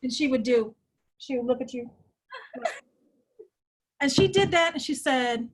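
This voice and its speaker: Husky, lively middle-aged woman storyteller. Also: sits high, unhurried, pauses often. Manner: animated storyteller, laughing, acting out quotes. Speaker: guest. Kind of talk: storytelling interview talk.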